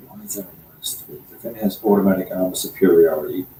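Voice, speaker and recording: Low-voiced man working through game rules. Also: warm tone, echoey room, slight background noise, rough recording. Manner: thinks aloud through rules, halting with fillers. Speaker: board game player, co-host. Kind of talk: casual chat over a wargame.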